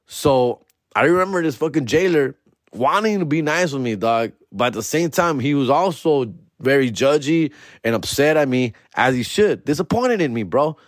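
A man's voice: mid-range voice, lively intonation, moderate pace, no room sound, clean studio sound. A young man, a podcast host telling a story in casual, profane slang mixed with Spanish.

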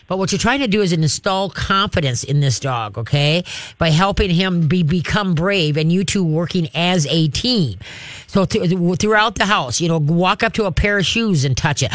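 A man hosting a call-in radio show, giving pet advice in an animated way and acting out cheerful coaching voices. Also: high voice, normal speed, no echo. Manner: animated, acts out coaching voices, laughs often.

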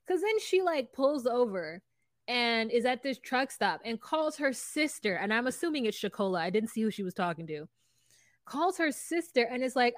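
A woman co-hosting a podcast, recapping a reality show in casual chat, animated and laughing often, acting out quotes in voices. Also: on the high side, moderate pace, no room sound, clean studio sound. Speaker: podcast co-host.

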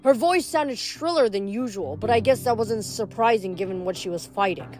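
A woman reading a novel aloud in a plain, steady way, stumbling now and then and correcting herself. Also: medium pitch, moderate pace, faint music behind. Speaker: audiobook reader.

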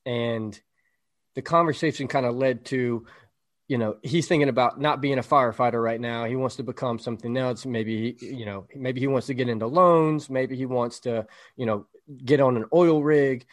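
Brief: male podcast co-host, mid-pitched, casual, motivational and emphatic. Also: normal speed. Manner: motivational, emphatic, lots of "right?".

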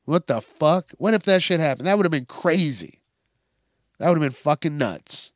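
A man's voice: fairly high pitch, animated, moderate pace, no echo, clean studio sound. A male host giving comedic news commentary, profane and mocking, laughing often.

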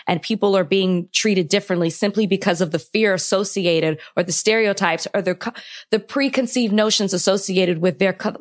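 A young woman co-hosting a podcast, speaking with impassioned frustration, near tears, often restarting her sentences. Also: lowish voice. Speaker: podcast co-host. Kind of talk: emotional podcast conversation.

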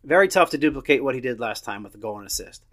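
Casual podcast host, man in his thirties, mid-pitched, blunt and opinionated with casual swearing. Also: expressive, quick pace, fairly bright tone. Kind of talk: casual solo match review.

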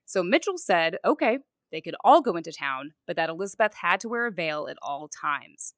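A woman's voice: fairly low pitch, big pitch swings, normal speed, fairly bright tone, no echo, studio quality. A woman co-hosting a podcast, telling a true crime story in a conversational way with casual fillers. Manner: conversational, fillers like "you know" and "like".

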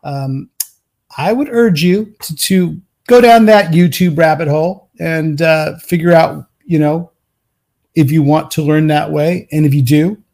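A man hosting a live show as a guitar mentor, talking in a rambling, energetic way and laughing often. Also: on the high side, measured pace, gravelly. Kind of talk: casual live show chat.

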